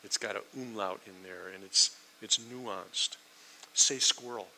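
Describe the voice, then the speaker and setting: A man's voice: lowish voice, measured pace, bright, forceful tone, a little hiss or hum, low-quality recording. A middle-aged man preaching a sermon, telling stories with emphasis. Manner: storytelling, emphatic. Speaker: pastor.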